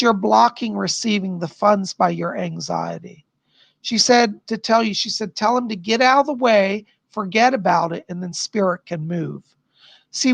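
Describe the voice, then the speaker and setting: A man's voice: sits high, gravelly, no room sound. A man hosting a live-stream and giving psychic readings in a chatty way, reading out viewers' questions and relaying spirit messages. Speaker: psychic livestream host.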